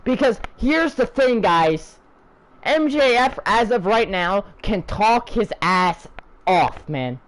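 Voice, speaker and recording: High-voiced man ranting profanely. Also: lively intonation, slow pace, a bit bright, low-quality recording. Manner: angry, profane, sarcastic, heated. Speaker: channel host ranting. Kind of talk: profane wrestling rant.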